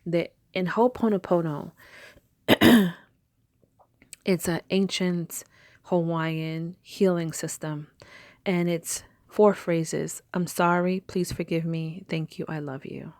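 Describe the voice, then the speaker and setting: Spiritual teacher, woman, low gravelly tone, chatty storyteller, dry close sound. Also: steady tone, takes it slowly, darkish tone, no echo. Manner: chatty storytelling with filler words. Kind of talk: casual spiritual talk.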